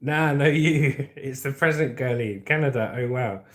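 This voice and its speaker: A man's voice: mid-range voice, normal speed. An English man hosting a livestream, reading news aloud and chatting and joking with viewers' comments. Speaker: livestream host.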